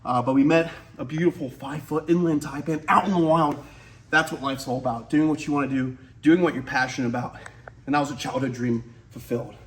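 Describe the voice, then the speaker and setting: A man's voice: medium pitch, steady tone, a little fast. A man hosting a reptile vlog at a snake facility, enthusiastic and a little out of breath. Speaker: reptile keeper and vlog host. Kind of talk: casual vlog talk to camera. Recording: roomy, from a distance, faint ambience.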